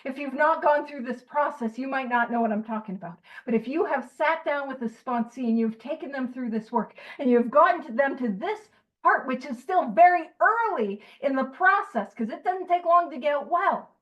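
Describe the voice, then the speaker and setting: A woman giving a lively talk to a study group. She jokes, laughs often, and turns earnest and emphatic when she makes her point. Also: sits high, moderate pace, dull audio. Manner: joking, animated, laughs often. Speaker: speaker at a recovery book study.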